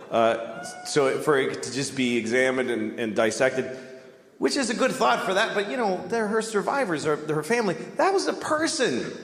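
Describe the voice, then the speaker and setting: A man doing a stand-up comedy set, talking in an animated, ranting way and shouting his punchlines. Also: fairly high pitch. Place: comedy club stage before a laughing crowd. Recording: echoey venue with audience noise.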